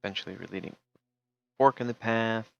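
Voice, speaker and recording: A man's voice: on the low side, a little fast, creaky, a bit bright, clear, resonant tone, no echo, highs cut off. A man streaming, reading a text game aloud and casually remarking between passages. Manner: casual, reads narration then remarks.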